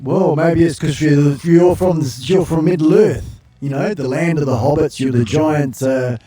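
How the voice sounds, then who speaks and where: A man's voice: a little high, fairly even intonation, a little slow, dark tone, reverberant. An older Australian man hosting a casual live stream from his home studio, joking and calling guests mate. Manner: jovial, matey banter with frequent laughs. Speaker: livestream host.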